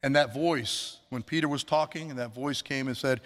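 A man preaching a sermon, earnest, slowing down to stress words and quoting scripture. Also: medium pitch, a bit bright. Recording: long hall reverb.

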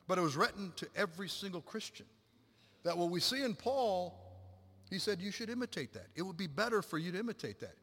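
A middle-aged man preaching a sermon, animated, acting out quotes and swinging between loud and hushed passages. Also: high-pitched, quick pace, slightly rough. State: a little out of breath. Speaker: pastor. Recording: long hall reverb.

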